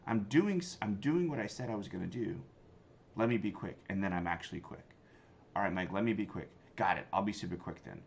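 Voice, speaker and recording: A sales trainer and company founder with a creaky, lowish voice and lively intonation teaches cold calling a little fast, in a casual, emphatic, conversational style. His instructional talk includes demo lines, and the lo-fi recording is slightly dull with faint noise.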